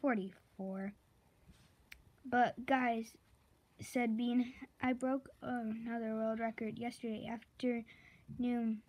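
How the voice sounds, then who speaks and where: A woman slowly reading a children's chapter book aloud, correcting herself and pausing to chat about the pictures. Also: a little high, flat delivery, darkish tone. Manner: slow, careful read-aloud with self-corrections; chatty asides about the pictures. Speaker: reader.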